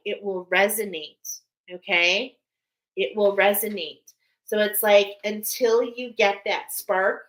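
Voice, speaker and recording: A woman with a mid-range, slightly bright voice, heard on a rough recording. She's a spiritual card reader giving her viewers an intuitive reading, rambling with lots of fillers and growing emotional as she talks.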